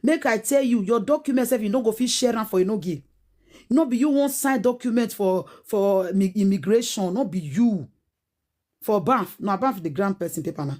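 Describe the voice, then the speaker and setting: Nigerian woman, 40s, warm low-bright tone, preachy pidgin rant. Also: animated, moderate pace. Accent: Nigerian Pidgin English. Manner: preachy, scolding, rhetorical questions. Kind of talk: animated casual rant.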